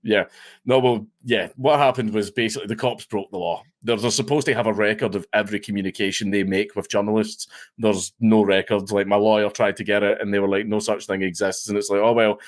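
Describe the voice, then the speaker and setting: A man's voice: fairly low pitch, fairly even intonation, quick pace. A Scottish man telling a story as a guest on a podcast, rambling, swearing freely and laughing often. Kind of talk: casual storytelling chat.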